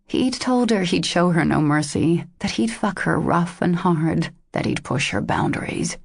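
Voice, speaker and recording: Brief: woman audiobook narrator, low gravelly voice, intimate romance reading. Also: a little mellow, dry recording, clean studio sound.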